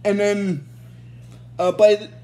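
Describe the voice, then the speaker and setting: A woman's voice: mid-range voice, level tone, slow pace, dark tone. A woman casually recapping a TV episode in a rambling way, full of fillers and restarts. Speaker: show recap host.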